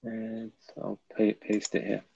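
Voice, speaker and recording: Gravelly man hosting a casual livestream. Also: on the low side, flat delivery, slow pace, dark tone, slight background noise. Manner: chatty, mutters while setting up links. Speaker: livestream host. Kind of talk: casual livestream chat reading comments. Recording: dull lo-fi dry sound.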